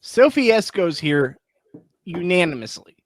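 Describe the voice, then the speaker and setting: A man's voice: sits high, very animated, measured pace. A man co-hosting a casual chat who asks questions and moves the talk along.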